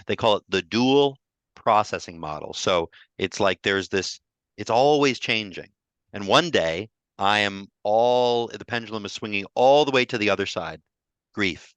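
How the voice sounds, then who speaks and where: A man's voice: on the low side, a bit bright, no echo. A man, a grief therapist, sharing openly and emotionally on a video call, often restarting his sentences. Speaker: co-host of a mindfulness support group.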